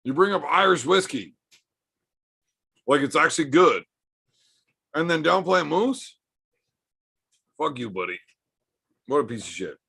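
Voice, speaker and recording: A man's voice: on the high side, very animated, a little slow, gravelly, pauses often, sharp tone, husky. A man hosting a casual livestream from home, bantering with chat in a joking, profane way. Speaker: livestream host.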